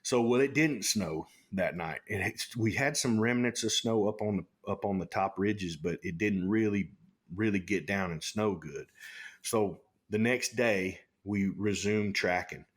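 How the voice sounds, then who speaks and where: A man, a podcast guest telling a story in a casual, animated way and acting out the people and animals in it. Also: lowish voice, a little slow, husky. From Texas.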